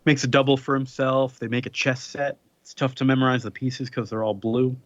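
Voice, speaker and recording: A man's voice: mid-range voice, flat delivery, a little fast, no echo, muffled recording. A man co-hosting a podcast, retelling a comic issue in a loose, rambling way with playful paraphrased quotes. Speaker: podcast co-host. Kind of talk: casual comic recap chat.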